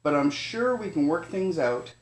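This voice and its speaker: A man reading as a gentle mother raccoon. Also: a little high, very animated, normal speed. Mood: soothing. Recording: echoey room.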